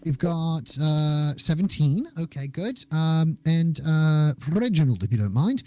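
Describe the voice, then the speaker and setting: A male game master narrating a tabletop session in a lively, up-and-down voice with a mellow, dark tone. He is chatty and playful, full of fillers and restarts. Faint music plays behind him. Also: on the high side, unhurried.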